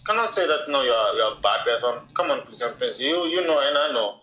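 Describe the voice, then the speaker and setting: A man's voice: medium pitch, lively intonation, a little fast, bright, forceful tone, dull audio. Upset caller in his thirties, echoey line. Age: 30s. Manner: upset, pleading, stammering. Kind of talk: heated call-in debate.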